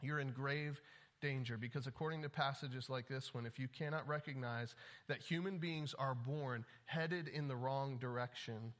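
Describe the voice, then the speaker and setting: Bright-voiced man preaching with urgency. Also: mid-range voice, moderate pace. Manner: urgent, pleading, rising emphasis. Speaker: pastor. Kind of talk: sermon.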